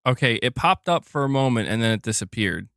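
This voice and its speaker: A man's voice: medium pitch, expressive, brisk, gravelly, fairly bright tone, no echo, studio quality. A man hosting a casual livestream, joking, laughing often and rambling as he reads chat. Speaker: livestream host.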